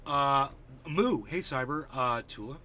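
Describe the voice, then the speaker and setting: A man's voice: mid-range voice, measured pace, sharp tone, a little hiss or hum. A man hosting a casual livestream, chatty and a bit distracted as he greets viewers by name while fixing his settings. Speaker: livestream host.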